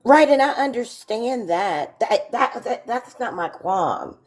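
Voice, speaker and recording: A woman's voice: fairly high pitch, expressive, slow. A woman co-hosting a casual talk show, emphatic and repeating herself when worked up. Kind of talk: casual chat.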